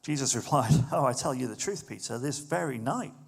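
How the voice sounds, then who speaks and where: A man preaching a sermon with a gravelly edge to his voice. He talks to the congregation as if in conversation. He grows animated when voicing the people in his story. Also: mid-range voice, brisk. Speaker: pastor.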